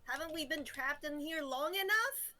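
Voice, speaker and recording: A woman's voice: high voice, lively intonation, normal speed, sharp tone, pitched above the performer's own voice. A woman playing a pleading, eager female god's aspect in a raised, coaxing voice. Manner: earnest, coaxing pleas.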